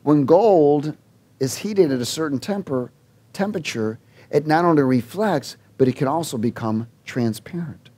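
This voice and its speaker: Guy preaching, storytelling, voice jumps all over, stops and restarts a lot. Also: fairly high pitch. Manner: animated storyteller, acts out dialogue; halting restarts, chuckles. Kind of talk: sermon with personal story.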